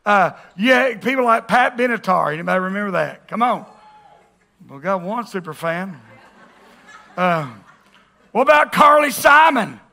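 Male pastor, lively joking sermon delivery with shouted peaks, gravelly high voice. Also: measured pace, pauses often. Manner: animated and joking, bursts into shouts.

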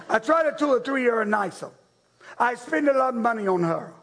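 A man's voice: very high voice, animated, normal speed, fairly bright tone. A man putting on an old Italian husband. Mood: deadpan. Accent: attempted Italian. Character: older Italian husband, dry joker.

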